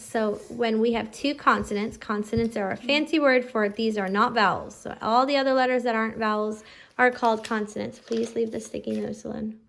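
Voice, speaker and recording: A patient mother talks through a reading lesson at home in a fairly high voice. She stretches out each letter sound slowly for her child. She explains every step plainly. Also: gravelly, fairly bright tone. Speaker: homeschooling parent teaching phonics. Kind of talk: instructional explanation to camera.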